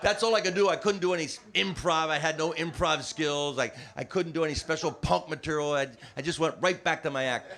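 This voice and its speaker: Older male comic, gravelly, slightly high, telling a lively stand-up story with shouted asides. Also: brisk, few pauses. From New Jersey. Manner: animated, laughing while telling, shouting out quotes. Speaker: stand-up comedian.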